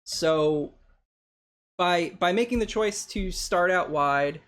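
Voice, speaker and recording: A man's voice: high-pitched, slow, fairly bright tone. A man teaching a live-streamed storyboarding class, talking in a rambling, hesitant, self-deprecating way.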